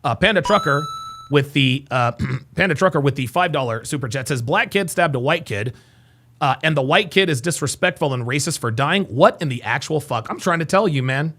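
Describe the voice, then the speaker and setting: Animated man with a bright, rising voice. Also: on the high side, brisk. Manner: animated, voice rising often, excitable; incredulous, exasperated reactions. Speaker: live-stream host reading super chats. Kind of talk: reaction stream commentary.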